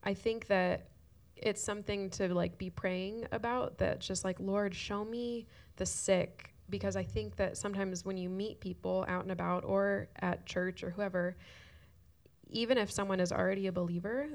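A woman's voice: mid-range voice, fairly even intonation, moderate pace. A woman speaking earnestly in a shared church talk, tearful at times. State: crying at times.

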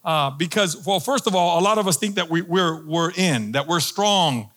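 A man's voice: fairly high pitch, animated, moderate pace, a bit bright. A middle-aged male pastor preaching a sermon, building emphasis through repeated phrases and calling on the congregation to repeat lines. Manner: preaching with rising emphatic repetition and audience call-and-response.

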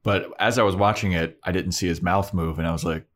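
Male podcast co-host, low voice, casual and swear-happy, slips into quoted dialogue as he recaps. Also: steady tone, fairly quick. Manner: loose and profane, acts out quoted dialogue. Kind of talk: casual TV episode recap chat.

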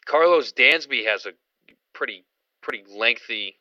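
A man's voice: mid-range voice, animated, a little slow, dry recording. A man co-hosting a sports podcast in easygoing chat, often hedging with "I mean". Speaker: podcast co-host. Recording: dry, dull lo-fi podcast audio.

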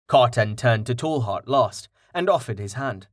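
A man narrating a fantasy audiobook in an expressive storytelling style on a close mic. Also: medium pitch, normal speed, few pauses, no room sound.

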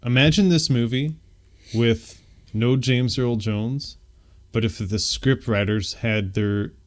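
A man co-hosting a casual film podcast, laid-back with quick, easy replies. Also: mid-range voice. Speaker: podcast co-host.

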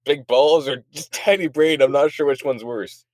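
A man's voice: mid-range voice, moderate pace, a little mellow, dry recording. A young man co-hosting a podcast, laughing and joking in crude casual chat. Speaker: podcast co-host.

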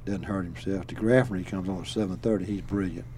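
A man's voice: low voice, steady tone, fast talker, dark tone, a little hiss or hum. An older man from Alabama with a Southern accent, telling a story in a folksy, rambling way and chuckling as he goes. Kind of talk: casual storytelling.

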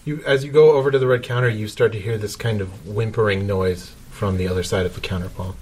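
Low-voiced man running a tabletop game. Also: fairly even intonation, quick pace, a little mellow, a little hiss or hum. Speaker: game master.

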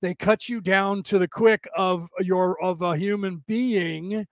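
A man's voice: sits high, fairly even intonation, slow, no echo. A male podcast host giving a blunt, opinionated spiritual monologue full of rhetorical questions.

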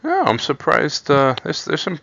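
A man's voice: a little high, huge pitch swings, moderate pace, vocal fry, background noise. A man co-hosting a fantasy football podcast, chatting casually and upbeat while announcing his draft picks. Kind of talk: casual chat during a live draft. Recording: dry, dull lo-fi recording.

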